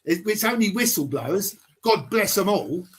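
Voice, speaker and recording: This high-voiced man argues aggressively and expressively at a normal speed, cursing without restraint and firing off one rhetorical question after another. He sounds like a combative live-streamer who never eases off.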